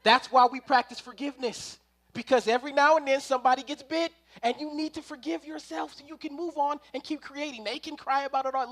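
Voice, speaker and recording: Guy preaching, telling stories, acting it all out, goes loud then real quiet, very high voice. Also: fairly quick. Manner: animated, acting out scenes, swings from loud to hushed. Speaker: preacher at a spiritual center. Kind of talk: sermon with storytelling. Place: live church service.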